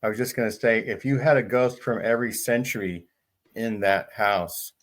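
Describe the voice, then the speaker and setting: A man hosts the conversation in a low voice. He breaks in with dry, wry jokes before steering the talk back on track. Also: normal speed. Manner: dry, joking asides. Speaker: host. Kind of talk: conversational interview.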